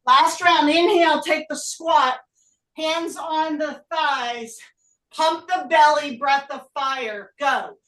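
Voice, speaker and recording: Yoga teacher lady, breathless, calls counts fast, sounds far off the mic in an echoey room. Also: sits high. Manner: brisk, energetic calling of breath counts. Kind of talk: live online yoga class cues. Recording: roomy echo, voice from a distance.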